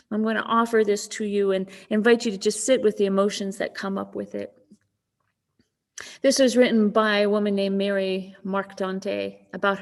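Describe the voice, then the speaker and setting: A woman minister preaching a sermon, telling a story gently and softening to a hush in tender quoted moments. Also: mid-range voice, big-room sound. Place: church sanctuary.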